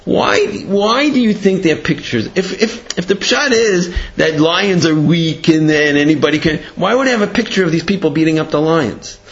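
A man's voice: on the high side, moderate pace, few pauses, lightly acted. A man voicing a proud father lion who lectures his son insistently. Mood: exasperated. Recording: dull lo-fi recording.

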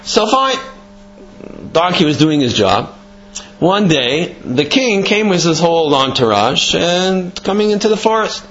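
Brief: man Torah teacher, conversational and lively, in a dull lo-fi recording. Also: fairly high pitch, measured pace. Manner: animated, conversational explaining. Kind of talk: Torah class with storytelling.

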